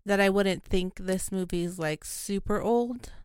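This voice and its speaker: A woman chats on a podcast, often stopping to search for words. Her voice is smooth and clear, and sits at an ordinary pitch. The recording is dry and close. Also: measured pace, a little mellow, no room sound. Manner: hesitant, with many fillers and restarts. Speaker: podcast co-host. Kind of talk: casual chat.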